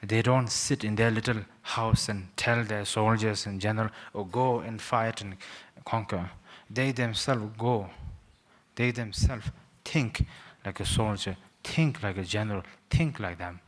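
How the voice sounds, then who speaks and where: Man rambling through a gentle teaching talk. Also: fairly low pitch, steady tone, unhurried. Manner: rambling, self-mocking, with frequent "sort of" and hesitations. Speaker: Buddhist teacher, guest speaker. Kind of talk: informal teaching talk to young people.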